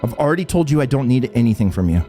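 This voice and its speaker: A man's voice: mid-range voice, big pitch swings, rapid-fire, mellow, soft background music, lightly acted. A man voicing a hot-tempered young gunslinger girl who talks in a brash, snappy, cursing way.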